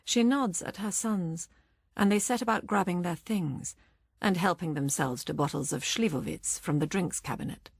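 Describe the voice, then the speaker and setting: Low-voiced woman narrating a novel. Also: normal speed, gravelly, breathy edge, no room sound, studio quality. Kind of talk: scripted audiobook narration.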